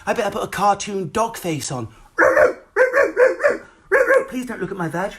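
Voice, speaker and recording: A man voicing a vain young female influencer, whiny and self-pitying, in a high breathless voice. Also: expressive, a little slow.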